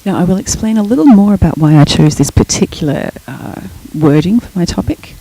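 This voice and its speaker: A woman's voice: fairly low pitch, animated, brisk, mellow, low-quality recording. A middle-aged woman giving an academic lecture, explaining terms and telling a short story from her own life. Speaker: guest lecturer.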